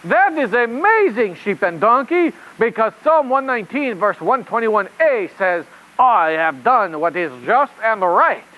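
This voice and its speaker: Brief: a rabbit reporter puppet for kids, squeaky and lively, hammy fake French accent. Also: male voice, measured pace, exaggerated voice, rough recording. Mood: cheery. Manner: silly put-on French accent. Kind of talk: children's puppet show.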